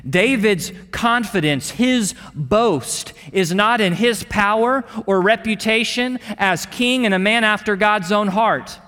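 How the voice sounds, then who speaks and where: A pastor delivering an earnest sermon, repeating words and dropping to a hush for emphasis. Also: male voice, high-pitched, slow, in a large hall. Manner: earnest, with repeated words and dramatic drops in volume.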